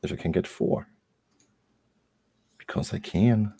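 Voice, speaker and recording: Deep-voiced man joking at the game table. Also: slow, mellow, breathy edge. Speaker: player. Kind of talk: casual table talk as a player.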